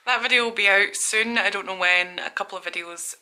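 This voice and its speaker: Woman from Scotland, bright voice, chatty and rambling, casual art vlog. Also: medium pitch, fairly even intonation, normal speed, hardly any pauses. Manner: chatty and rambling, laughs at herself. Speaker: artist vlogger. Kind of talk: casual studio vlog chat.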